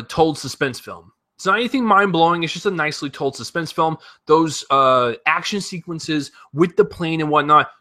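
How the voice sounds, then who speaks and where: Bright, profane man ranting about a film. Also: on the high side. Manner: animated, profane, rambling with many fillers. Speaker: film reviewer. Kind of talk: casual spoken movie review.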